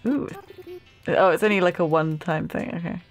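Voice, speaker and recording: A woman's voice: lowish voice, fairly quick, faint music behind. Giggly woman reacting to a game. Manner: giggly, excitable, laughs often. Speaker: gaming channel host. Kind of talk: casual gameplay commentary.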